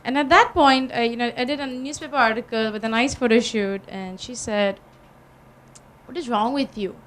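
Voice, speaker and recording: Indian businesswoman, high pitch, animated anecdotal panel speaker. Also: a little fast, slight background noise. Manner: animated storytelling, laughs often.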